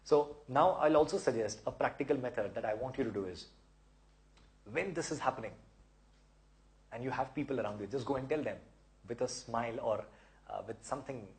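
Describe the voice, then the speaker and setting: A man's voice: mid-range voice, a little mellow. A man hosting a question-and-answer talk, giving encouraging advice at length and often repeating words as he explains. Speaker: host answering viewer questions.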